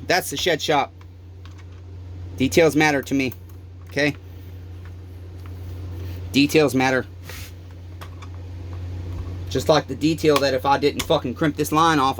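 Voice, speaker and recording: A man's voice: on the high side, slight background noise. A man who runs a small-engine repair shop, ranting angrily and pleading to the camera, swearing often and repeating himself. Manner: heated, profane ranting, pleading and repetitive. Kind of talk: angry monologue to camera.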